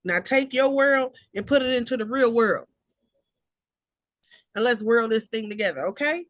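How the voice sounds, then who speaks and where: A woman's voice: a little high, normal speed, dry recording. A young woman with hosting a self-care podcast, speaking in an affirming, repetitive way with playful asides. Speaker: podcast host. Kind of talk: reflective self-care talk.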